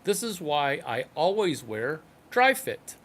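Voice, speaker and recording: A man doing a stand-up comedy monologue, delivered in halting phrases and short numbered points. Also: on the high side, sing-song, fairly bright tone.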